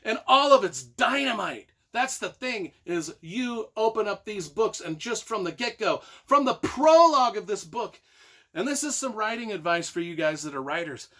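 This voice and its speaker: A man giving an excited, casual book review, rambling and repeating himself, now and then breaking into loud emphatic bursts. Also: high voice, moderate pace.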